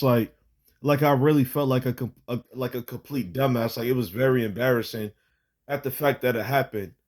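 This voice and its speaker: A man's voice: medium pitch, darkish tone. A young man giving a casual spoken religious testimony, rambling with many fillers, restarts and casual swearing.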